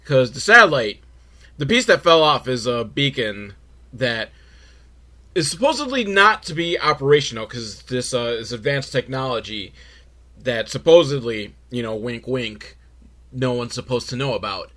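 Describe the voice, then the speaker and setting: A man's voice: mid-range voice, big pitch swings, normal speed, bright, forceful tone. A man hosting a comedic podcast, recapping a film with sarcastic, rambling asides. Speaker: podcast host.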